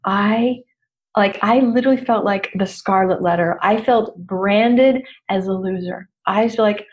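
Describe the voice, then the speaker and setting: A middle-aged woman who works as a business coach, talking in a candid, animated, self-deprecating way and laughing often. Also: mid-range voice, measured pace, muffled recording. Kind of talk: casual motivational talk.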